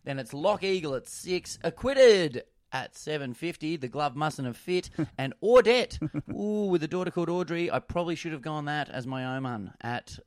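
A man's voice: fairly high pitch, animated, moderate pace, hardly any pauses, no echo. A man hosting a racing preview podcast, reading out odds and cracking puns on horse names. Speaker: podcast host. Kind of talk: jokey racing preview banter.

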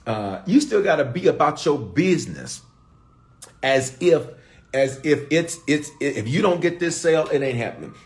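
Middle-aged bishop, lively swooping delivery, slightly high voice, playful call-and-response preaching. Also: male voice, normal speed. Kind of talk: sermon.

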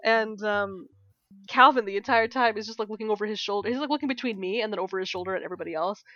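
A young woman co-hosting a podcast, telling a story in a casual, animated way, swearing often and acting out what people said. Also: medium pitch, very fast. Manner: animated storyteller, swears a lot, acts out quotes. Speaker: podcast co-host. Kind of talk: casual chat. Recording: dull lo-fi sound.

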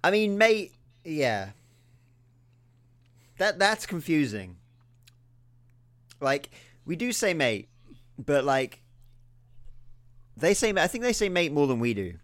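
A man's voice: a little high, very animated, slow pace, pauses often, a bit bright. A British man co-hosting a podcast, chatting casually and rambling with lots of fillers and restarts. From United Kingdom. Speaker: podcast co-host. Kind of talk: casual chat.

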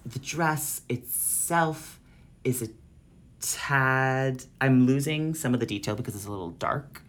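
Relaxed, descriptive podcast co-host. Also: male voice, mid-range voice, measured pace. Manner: relaxed, descriptive, often trails off. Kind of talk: casual chat.

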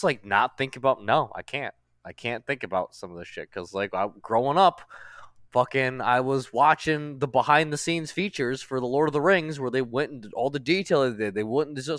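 A man on a podcast telling stories in an animated, profane way, often acting out quoted lines. His voice is bright and forceful. The sound is close and dry. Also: medium pitch, no echo. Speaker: podcast co-host. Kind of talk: casual podcast chat.

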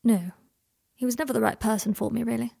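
A woman's voice: a little high, fast talker, creaky, warm tone. A woman voicing a proud, guarded young man in an audiobook, clipped and prickly in manner. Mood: subdued. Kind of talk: audiobook character voice.

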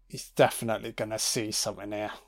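A man's voice: lowish voice, little pitch movement, quick pace. Sweary, sarcastic man. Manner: sweary, sarcastic, reacting live. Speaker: film commentator. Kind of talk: audio film commentary.

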